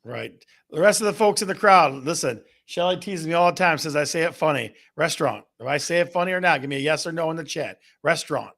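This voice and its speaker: A man's voice: a little high, quick pace, vocal fry, a bit bright. A man hosting a casual live-stream chat, playful and teasing as he banters with viewers. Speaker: host.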